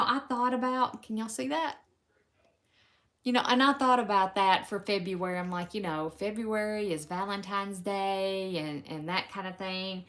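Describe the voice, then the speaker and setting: A woman with a Southern US accent chatting casually to viewers on a live stream from home as she stitches. She talks to them as "y'all" and drops into soft murmurs while she works. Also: mid-range voice, normal speed. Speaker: craft live-stream host.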